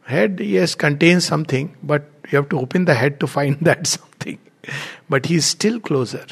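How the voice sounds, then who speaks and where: Middle-aged man, spiritual teacher, slightly high gravelly voice, lively storyteller who laughs often. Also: normal speed. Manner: animated, laughs often, acts out quoted speakers. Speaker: spiritual lecturer. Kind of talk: lecture with storytelling.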